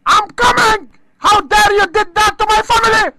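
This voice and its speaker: A man on a phone call, angrily shouting insults and threats. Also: extremely high pitch, steady tone, a little fast. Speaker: caller. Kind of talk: angry prank phone call. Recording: noisy phone recording.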